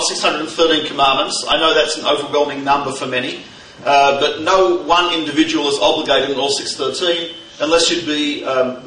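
A man giving a religious lecture, an animated storyteller who mixes in jokes. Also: on the high side. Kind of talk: lively teaching lecture with stories and jokes. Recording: roomy, distant mic, faint background noise.

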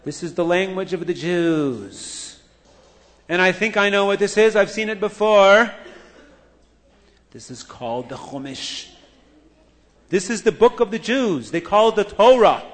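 A man voicing a grave, alarmed Roman officer who speaks low and slow. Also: expressive, long reverb tail.

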